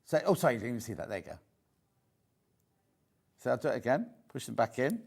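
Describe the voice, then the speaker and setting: British male shopping-channel host, lively banter, keeps repeating the price. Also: medium pitch, fast talker, creaky, slightly rough. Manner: chatty, jokey, repeats prices. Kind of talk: live TV sales pitch. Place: TV studio.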